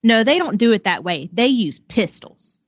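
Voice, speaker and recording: A woman's voice: fairly high pitch, big pitch swings, normal speed, dry recording, dull audio. A woman with a Southern voice putting on a Brooklyn accent to play a blunt, scornful 1920s film starlet. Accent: Brooklyn, attempted. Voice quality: put-on accent over a Southern voice.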